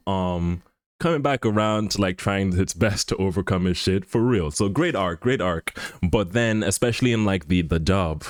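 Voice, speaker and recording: A man with a deep, slightly mellow voice chats on a live stream, recorded in clean studio sound with no room sound. His talk rambles and jokes along, full of fillers and restarts, and he laughs often.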